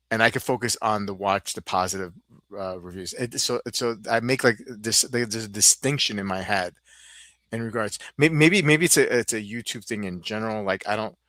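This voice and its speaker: A man from the Northeastern United States hosting a podcast, rambling in a halting way and reading out viewer comments. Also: lowish voice, bright, forceful tone, no room sound. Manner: rambling, halting, many restarts. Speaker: podcast host.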